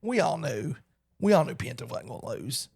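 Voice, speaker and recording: A man's voice: a little high, sing-song, moderate pace, gravelly, a little mellow, husky, no room sound, clean studio sound. A man co-hosting a podcast in a casual chat, rambling and restarting his sentences. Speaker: podcast co-host.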